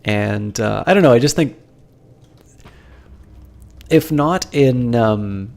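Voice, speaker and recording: A man's voice: medium pitch, lively intonation, takes it slowly, creaky, darkish tone. A man streaming a game live, chatting to viewers with many ums and restarts while he plays. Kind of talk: casual live-stream commentary.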